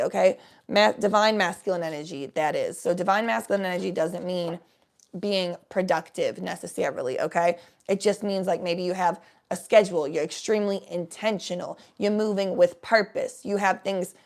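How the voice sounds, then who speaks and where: A woman's voice: medium pitch, darkish tone. A woman chatting casually on a live stream, giving a tarot reading in a rambling, swearing way.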